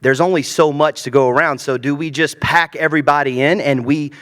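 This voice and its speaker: A man's voice: fairly high pitch, steady tone, brisk, fairly bright tone. A man from Louisiana with a faint Cajun accent talks in a loose, folksy way, full of ums and restarts. He is answering at a candidate forum, and his voice carries a long reverb from a big hall. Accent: Cajun, mostly faded. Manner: casual, folksy, many fillers and restarts. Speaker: council candidate. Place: large hall, public forum.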